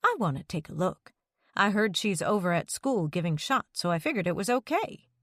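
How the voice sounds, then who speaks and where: A woman's voice: lowish voice, very animated, moderate pace, fairly bright tone, no echo, studio quality. A woman voicing a stubborn, meddling older mother who scolds her grown son about the town's gossip. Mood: nosy. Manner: scolding, nosy, disapproving.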